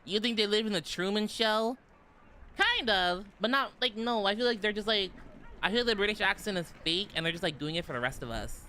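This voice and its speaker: A man's voice: high voice, lively intonation, a little fast, sharp tone. A young man streaming casually, rambling and giggling, with lots of "like" fillers. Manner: rambling, giggly, heavy use of "like". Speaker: vtuber streamer.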